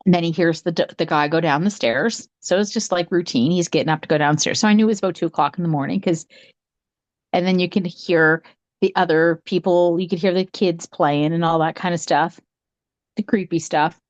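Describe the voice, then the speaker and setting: A woman's voice: a little fast, dry recording, lo-fi sound. A middle-aged woman, a psychic podcast co-host, telling a true ghost story in casual chat and acting out the quoted voices. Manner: animated, acts out quotes with big pitch jumps.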